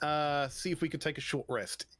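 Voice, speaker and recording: A man's voice: fairly high pitch, normal speed, a bit bright. A man playing a tabletop game, eager and slightly stumbling as he asks to rest. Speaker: player. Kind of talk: casual tabletop game chat.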